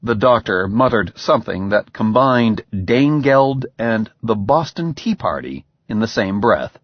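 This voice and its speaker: A man narrating an audiobook in an expressive, measured way. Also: on the low side, dry recording. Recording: slightly dull, dry recording.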